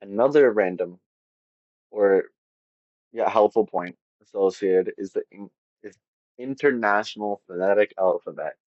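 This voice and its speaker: A man's voice: fairly low pitch, a little slow, pauses often, darkish tone, dry recording, muffled recording. A man narrating an informal lesson on linguistics, casual and self-deprecating with offhand asides. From half Latvian. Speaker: educational video host.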